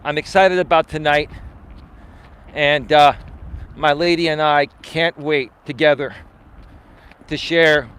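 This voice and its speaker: High-voiced man, boastful and teasing. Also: fairly even intonation, slow, long pauses, a bit bright, clear, resonant tone. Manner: boastful, teasing, laughs at his own jokes; swears casually. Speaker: life coach hosting a live stream. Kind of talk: casual live-stream chat.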